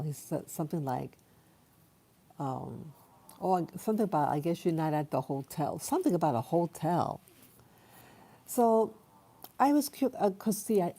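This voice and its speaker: A woman vlogger telling a personal story in a halting, rambling way with many fillers and restarts. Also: low voice, warm tone.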